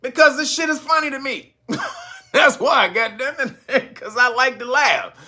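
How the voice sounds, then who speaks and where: A man hosting his own channel, giving loose, profane commentary and laughing often as he talks. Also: pushed and bright. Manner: mocks a stiff, slow talker in a low voice. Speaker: channel host. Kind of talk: casual commentary video.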